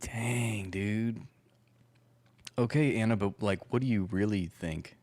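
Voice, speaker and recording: A man's voice: lowish voice, slow pace, darkish tone. A man streaming and commenting on clips in a casual, wry, joking way.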